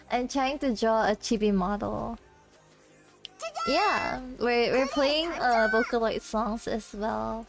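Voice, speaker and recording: A woman's voice: on the high side, slow pace, vocal fry, over music. A young woman streamer chatting casually with viewers, reading out chat, giggling often and a little self-conscious.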